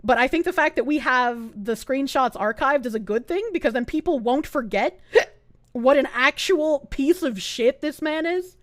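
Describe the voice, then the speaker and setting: A woman's voice: high-pitched, animated, moderate pace, no echo, clean studio sound. A woman streamer ranting live in heated, sarcastic, profane commentary. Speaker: Twitch streamer.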